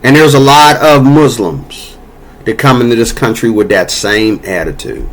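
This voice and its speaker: A man's voice: medium pitch, moderate pace. A man delivering a heated, profane political monologue, scolding and cursing as he talks. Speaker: political commentator. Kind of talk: angry monologue.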